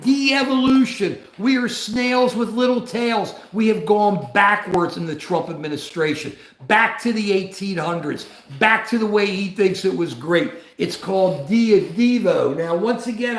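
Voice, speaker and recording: Argumentative older man, high voice, echoey room. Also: expressive, unhurried, hardly any pauses. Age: 70s. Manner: argumentative, rambling, talks straight to chat. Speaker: livestream host. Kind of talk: casual livestream commentary.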